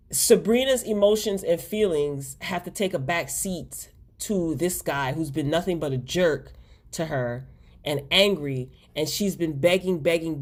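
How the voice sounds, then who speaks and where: Chatty exasperated woman recapping a show. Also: low-pitched. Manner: chatty and exasperated, talks straight to viewers. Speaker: TV episode recap host. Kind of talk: casual spoken episode review.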